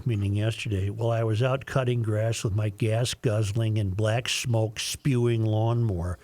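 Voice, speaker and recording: Dry-voiced talk radio host reading emails. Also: male voice, mid-range voice, a little mellow, dry recording. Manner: reads listener emails aloud, chuckling.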